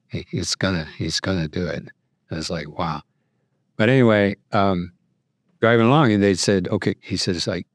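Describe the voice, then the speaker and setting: Middle-aged male priest, very low voice, dry close sound, rambling storyteller full of fillers. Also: a little mellow, no room sound. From United States. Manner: rambling and anecdotal with frequent fillers and restarts. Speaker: priest and guest speaker. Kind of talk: storytelling talk at a luncheon.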